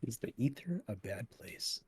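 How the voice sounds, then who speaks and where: Man, 30s, podcast co-host, casual chat, swears a lot, animated. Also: medium pitch, a little slow, breathy edge. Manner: profane, animated storytelling.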